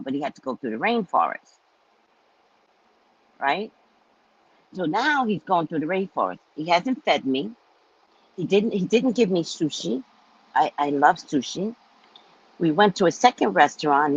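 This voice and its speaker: A woman hosting a psychic live stream, telling a casual, chatty story in an animated way with frequent laughs and repeated words. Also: fairly low pitch, husky, no echo, dull audio.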